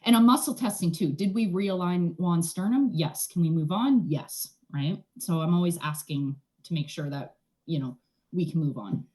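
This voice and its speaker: A woman's voice: lowish voice, moderate pace. A woman speaking as a guest in an interview, explaining things in a chatty, casual way and often checking in with "right?". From Canada. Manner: chatty, often tags "right?", animated asides. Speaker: energy healer, guest.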